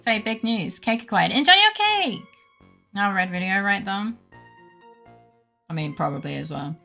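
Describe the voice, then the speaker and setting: A woman's voice: mid-range voice, normal speed, vocal fry, a bit bright, soft background music. A woman streamer chatting casually during a game stream, rambling, swearing freely and going on rants. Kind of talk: casual gaming stream chat.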